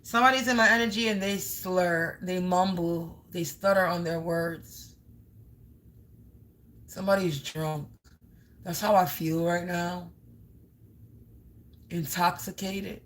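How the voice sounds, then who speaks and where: Bright-voiced woman giving an emphatic card reading. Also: lowish voice, fairly even intonation, slow, long pauses, poor audio. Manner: emphatic, strings of synonyms, casual profanity. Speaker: spiritual card reader. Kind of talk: live tarot reading.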